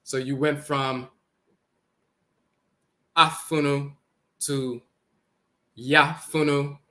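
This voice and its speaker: A man's voice: mid-range voice, steady tone, a little slow, pushed and bright. A man giving an explanatory lecture, repeating words and sounding out letters as he teaches.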